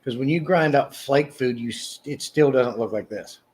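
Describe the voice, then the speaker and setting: A livestream host with a slightly mellow, somewhat rough voice casually reads viewers' comments and answers them by name. He rambles and restarts often, at times slipping into a slow, emphatic mock sales pitch.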